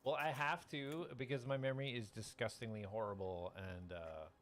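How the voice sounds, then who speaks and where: A man's voice: mid-range voice, fairly even intonation, normal speed, noisy background. A man acting as game master and live-stream host, chatting casually and laughing often as he greets viewers.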